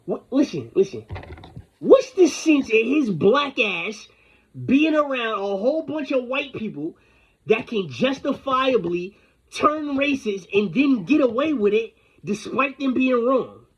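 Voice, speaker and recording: A man's voice: very high voice, very animated, measured pace, husky. A man delivering an angry, rambling, confrontational rant full of profanity. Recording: dull lo-fi recording.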